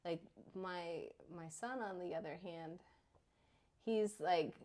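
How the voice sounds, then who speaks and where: A woman's voice: lowish voice, takes it slowly. Chatty mother on a podcast. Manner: animated storyteller, acts out her kids' voices. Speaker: podcast co-host. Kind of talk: casual chat.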